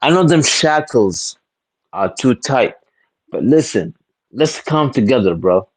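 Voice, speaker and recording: A man's voice: mid-range voice, expressive, slow, poor audio. A man calling into a live chat, stammering and repeating his words. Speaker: caller. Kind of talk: casual call-in talk.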